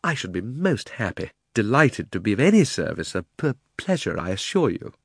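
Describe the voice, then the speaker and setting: A fawning old male magician stumbles over his own words, all nervous politeness and stammering, as a man puts him on. The voice sits fairly low, recorded dry and close for a storybook reading. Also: big pitch swings, normal speed, breathy edge, no echo, heavily acted. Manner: stammering, flustered, overly polite.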